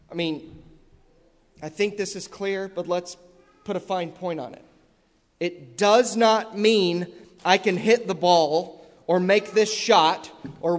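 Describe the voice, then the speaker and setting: A male preacher delivering a sermon with heavy, repeated emphasis that builds to loud stressed peaks, in a large church hall. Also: high-pitched. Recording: long echoey hall reverb.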